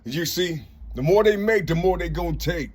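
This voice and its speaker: A man's voice: high voice, animated, moderate pace. An older man talking to the camera in a rambling casual monologue, repeating "you see" and swearing a lot. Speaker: vlogger.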